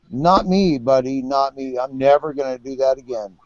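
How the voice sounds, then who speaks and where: A man's voice: medium pitch, steady tone, moderate pace, hardly any pauses, a little mellow, dry recording. A man in his fifties talking casually, bitter and profane, often stammering and repeating words. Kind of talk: casual chat. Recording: dull lo-fi recording.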